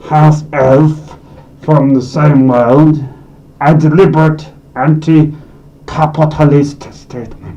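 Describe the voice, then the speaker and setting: A man's voice: fairly high pitch, dull audio. A man doing a frantic conspiracy goblin. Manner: frantic, conspiratorial, swinging from muttering to shouting. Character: excitable paranoid male goblin ranting about conspiracies. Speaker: comedy web series host. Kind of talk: scripted comedic rant to camera.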